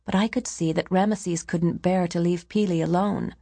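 Woman reading an audiobook, slow and measured, creaky, dry close sound. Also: fairly low pitch, steady tone, warm tone, no echo. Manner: measured, storytelling. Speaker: narrator. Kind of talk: audiobook narration.

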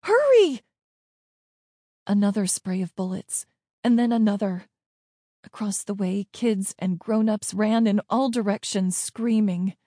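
Slow, breathy woman narrating a story. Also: mid-range voice, fairly even intonation, warm tone, dry recording, clean studio sound. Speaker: audiobook narrator. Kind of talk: scripted first-person story narration.

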